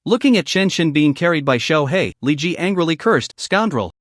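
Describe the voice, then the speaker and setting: A man reading a scripted story recap in a steady narrating voice. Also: fairly high pitch, fairly quick, no room sound, clean studio sound.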